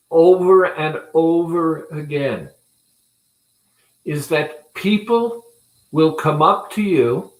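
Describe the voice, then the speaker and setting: A man with a slightly high voice talks to viewers about a weight-loss clinic, slowly and with many pauses. He is earnest and deliberate throughout. His voice rings with the echo of a roomy space. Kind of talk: promotional talk to viewers.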